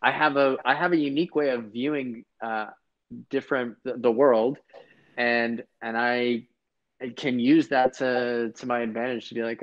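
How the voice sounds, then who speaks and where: A man's voice: medium pitch, steady tone, normal speed. A man talking as a guest in a casual conversation, thinking aloud with frequent restarts. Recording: dull lo-fi sound.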